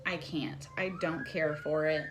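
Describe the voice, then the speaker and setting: A woman's voice: deep voice, fairly even intonation, a little slow, background noise. A young woman at home chatting candidly through a casual makeup tutorial. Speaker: beauty vlogger.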